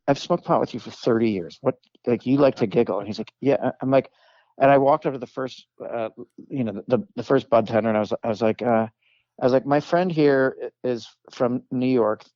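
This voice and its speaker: A man's voice: mid-range voice, brisk, mellow, dry recording, lo-fi sound. Rambling man telling a stoner story. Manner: rambling, many "like"s and restarts, acts out quoted voices. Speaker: podcast guest, comedic actor. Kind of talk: casual storytelling chat.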